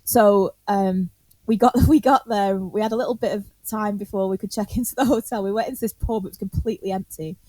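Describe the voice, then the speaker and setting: A woman's voice: mid-range voice, fairly even intonation, brisk, warm tone, no room sound. A woman tells a story on a podcast in casual chat. She laughs often, swears freely and acts out the quotes. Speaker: podcast co-host.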